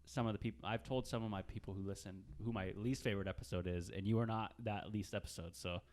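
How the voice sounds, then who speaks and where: Chill dude hosting a podcast, lowish voice, lots of ums and little laughs. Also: male voice, steady tone, a little mellow. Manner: easygoing, halting with fillers and laughs. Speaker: podcast host. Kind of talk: casual interview chat. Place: small room, mics close.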